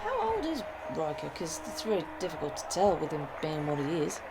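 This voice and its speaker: Lively woman player, noisy room. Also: low-pitched, a little fast. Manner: animated, playful, laughing in character. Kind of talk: tabletop role-play.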